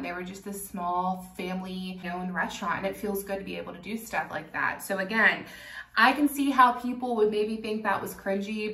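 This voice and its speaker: Young woman, Kentucky, casual storytime vlog, animated and candid, echoey room, mic set back. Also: lowish voice, recorded from a distance, slight background noise. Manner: animated, candid, laughs often, swears freely. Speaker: vlogger. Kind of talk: casual storytime while doing makeup.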